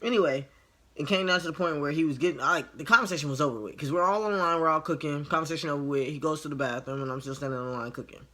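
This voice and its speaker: A man with a somewhat high voice tells a story straight to camera in a loose, casual way. He talks frankly and swears freely, sounding exasperated, and he slips into the back-and-forth of the conversation he is recounting. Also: rapid-fire, fairly bright tone. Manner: retells conversations by voicing each side. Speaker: line cook.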